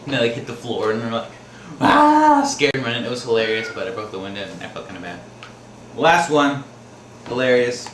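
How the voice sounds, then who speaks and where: Recorded in an echoey room with a little background noise, a man from Wisconsin, USA, tells funny and scary tales from his life in a casual, rambling way. He laughs, acts out the screams, and talks at a quick pace in a medium-pitched, fairly bright voice.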